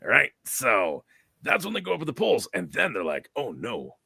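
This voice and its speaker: A man's voice: mid-range voice, wildly swooping pitch, normal speed, creaky, pushed and bright, husky, dry recording. A man hosting an opinionated casual chat, talking emphatically and often repeating words. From Canada. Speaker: host.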